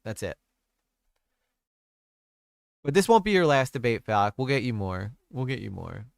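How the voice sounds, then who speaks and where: A young man hosts a loose, casual stream chat, swearing freely and trailing off between thoughts. His voice is smooth and resonant, and it sounds close and dry, with little room sound. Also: medium pitch, sing-song, measured pace, dry recording. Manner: crude, rambling, trails off often. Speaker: streamer host.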